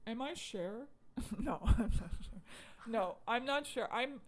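A woman's voice: fairly high pitch, lively intonation, slow, a loud crowd. A woman co-hosting a casual chat, retelling a movie scene by scene with quoted lines and laughter. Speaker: podcast co-host.

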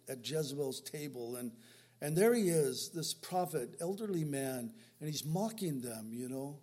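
A man preaching a sermon in a conversational way, with frequent restarts and swings between loud emphasis and quiet asides. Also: on the high side. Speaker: pastor.

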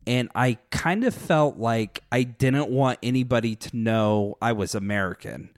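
A man with a mid-range voice, telling stories in a relaxed way and swearing offhandedly. He sounds close to the mic in a dry, dead room. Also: mid-range voice, measured pace, no room sound. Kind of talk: casual conversation.

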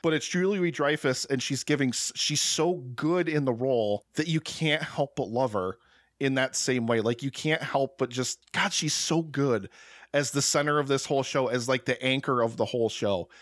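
Relaxed man in casual chat. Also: mid-range voice, normal speed, no echo, clean studio sound. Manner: relaxed, enthusiastic, filler-heavy.

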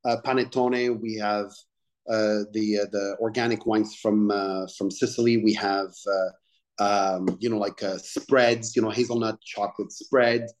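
A middle-aged man, a chef and restaurateur, talking in casual conversation, excitable and swearing freely with lots of fillers. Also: fairly low pitch, a little slow.

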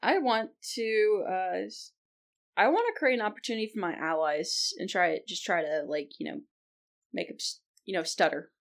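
A woman's voice: fairly low pitch, lively intonation, creaky. A woman playing a tabletop role-playing game, explaining her moves casually with many fillers. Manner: casual, fast, full of fillers. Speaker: player.

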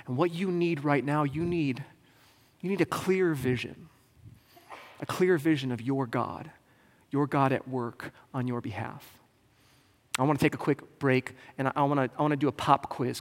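A male pastor preaching a sermon in a casual, joking, conversational way. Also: on the high side. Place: church sanctuary. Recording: long hall reverb.

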